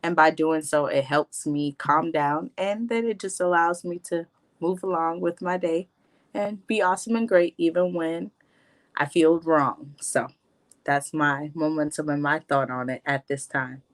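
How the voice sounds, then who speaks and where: A young woman on a panel speaks in a candid, straightforward way. Her voice is very low, and the sound is dry and close. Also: a little slow, dry recording, poor audio. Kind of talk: casual panel talk.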